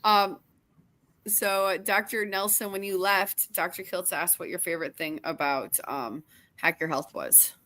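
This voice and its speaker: A woman's voice: lowish voice, fairly even intonation, a little slow, sharp tone. A woman hosting a live stream, reading out viewer comments in an upbeat, casual way.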